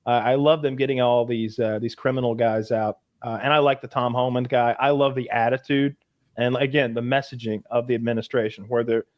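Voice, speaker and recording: A man in the middle of a loose podcast chat, his voice sitting at an ordinary pitch. He rambles and restarts his sentences as he talks his thoughts through. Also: fairly even intonation, fairly quick, dull audio. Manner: rambling, lots of false starts. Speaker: podcast host. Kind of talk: casual chat.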